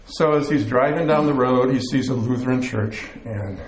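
A man's voice: mid-range voice, normal speed. A man preaching a sermon from a church, an easygoing storyteller who eases in with a joke. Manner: relaxed storyteller, easygoing with fillers. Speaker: pastor. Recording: roomy echo.

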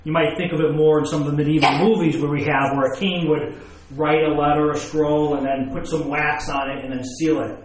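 A man delivering a sermon with a slightly higher-than-average voice. He reads scripture aloud and then unpacks it with plain everyday examples and questions to the listeners. The room gives his voice a noticeable echo. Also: fairly even intonation, fairly quick, hardly any pauses. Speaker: preacher.

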